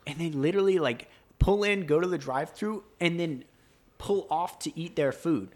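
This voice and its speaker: A man's voice: fairly high pitch, moderate pace. A young man casually telling a long story on a podcast, swearing a lot and sounding fed up. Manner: profane, exasperated storytelling.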